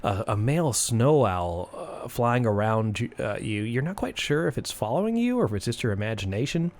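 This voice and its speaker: A young man narrating as game master in a tabletop game, relaxed and hesitant, laughing often. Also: medium pitch, fairly quick.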